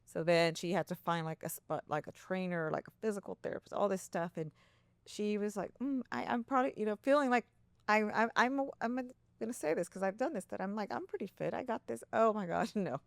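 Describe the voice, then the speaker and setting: A woman co-hosting a casual podcast, chatty and animated, who laughs often and acts out her own thoughts in a higher voice. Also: brisk, dry recording. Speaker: podcast co-host. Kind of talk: casual chat.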